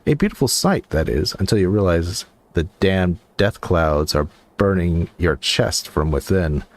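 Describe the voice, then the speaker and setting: A man's voice: low-pitched, expressive, measured pace. Man reading as a sardonic weary cave guard. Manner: sardonic, grim humor. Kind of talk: game dialogue read aloud.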